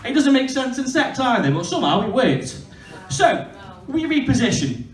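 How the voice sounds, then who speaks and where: A man's voice: very high voice, sing-song, moderate pace. A man, doing a crude, self-mocking stand-up comedy set on stage. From Stoke-on-Trent, England. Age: 20s. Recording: echoey venue heard from far off.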